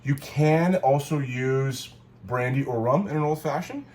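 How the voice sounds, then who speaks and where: A man's voice: medium pitch, measured pace, a little mellow. A man chatting casually while he demonstrates a cocktail at home, joking and correcting himself as he goes. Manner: rambling, joking, self-correcting. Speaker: cocktail video co-host.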